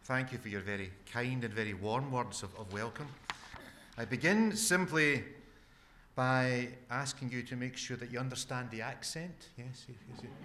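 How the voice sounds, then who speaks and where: A Scottish man giving an academic lecture as a guest speaker, measured and repeating words as he restarts. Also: mid-range voice, background noise. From Scotland.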